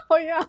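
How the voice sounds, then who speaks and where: A woman's voice: very high-pitched, dry recording, lo-fi sound. A young woman co-hosting a podcast in casual chat, playful, laughing often and arguing back. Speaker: podcast co-host.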